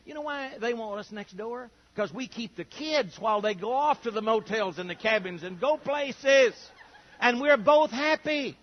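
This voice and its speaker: A man's voice: very high voice, lively intonation, moderate pace, muffled recording. An older man preaching a sermon in a folksy storytelling way, acting out the voices of the people he quotes.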